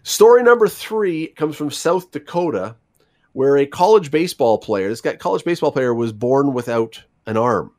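A man's voice: mid-range voice, lively intonation, moderate pace. A male radio host with a mid-range voice tells offbeat news stories. His delivery is chatty and wry, casual rather than scripted.

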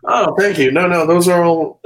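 A man, a comedian guest, telling animated stories on a video call from his room, full of "you know" and "like". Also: high-pitched, normal speed, rough recording. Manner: animated, filler-heavy storytelling. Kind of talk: casual storytelling on a video call. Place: home room.

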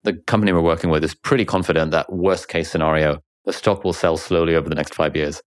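Young British guest, very low and quick, animated and jokey. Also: male voice, dry recording, studio quality. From Britain. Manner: fast, animated, jokey storytelling. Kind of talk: casual interview chat.

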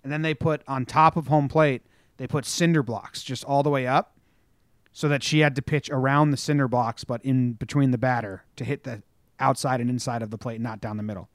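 A young man co-hosting a casual sports podcast, telling stories in an animated way and acting out what people said, with plenty of swearing. His voice sits at an ordinary pitch and is recorded dry and close, with no room around it. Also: fairly quick, no room sound. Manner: animated storytelling, acts out quotes, swears. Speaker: podcast co-host.

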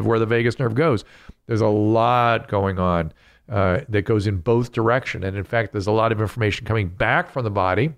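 A man's voice: lowish voice, dry recording, studio quality. A man hosting a casual podcast chat as a physician, explaining things in a lecturing way. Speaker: host and physician.

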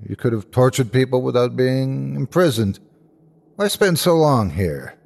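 A man's voice: medium pitch, lively intonation, a little slow, creaky, darkish tone. A man playing a defiant, shaken psychiatrist. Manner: tense, defiant, clipped. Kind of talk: audiobook character dialogue.

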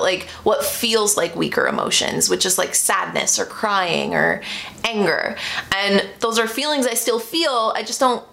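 A woman's voice: mid-range voice, gravelly, pushed and bright. A young woman hosting a solo life-advice podcast, talking in a chatty, earnest way with many fillers. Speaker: podcast host.

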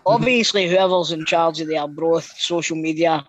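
A man co-hosting a casual football podcast, guessing aloud and quick with asides. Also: a little high, muffled recording. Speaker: podcast co-host.

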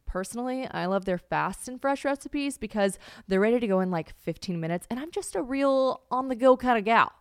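A woman's voice: fairly high pitch, animated, a little fast, clean tone, no echo, studio quality. A young adult woman, hosting a podcast in a chatty, casual way and talking to listeners as y'all. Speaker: podcast host. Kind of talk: casual chat and read ad.

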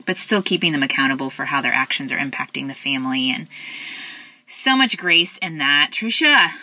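A woman hosts an interview with an affirming, heartfelt manner. Her voice sits low but has a very bright tone. The sound is dry and close. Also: dry recording. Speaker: podcast host. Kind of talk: casual interview chat.

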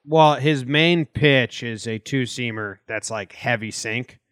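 A man's voice: mid-range voice, slow pace, a bit bright, no room sound, studio quality. Offhand, casual sports podcast guy. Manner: offhand, casual, swears freely. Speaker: podcast co-host.

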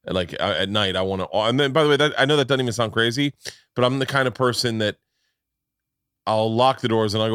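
A man's voice: mid-range voice, fast talker, fairly bright tone, smooth, dry recording, clean studio sound. A middle-aged man hosting a podcast, telling stories with lots of stammering restarts and laughs. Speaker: podcast host. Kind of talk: casual podcast chat.

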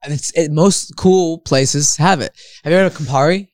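A man chatting as a podcast guest, teasing and sarcastic, with deadpan roasts of the host. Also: on the high side, normal speed, no echo, studio quality. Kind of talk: casual podcast banter.

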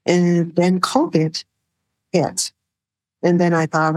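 A middle-aged woman telling her personal story in an interview, soft-spoken and halting, with many fillers. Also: fairly low pitch, dry recording, rough recording. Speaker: guest, survivor sharing her story.

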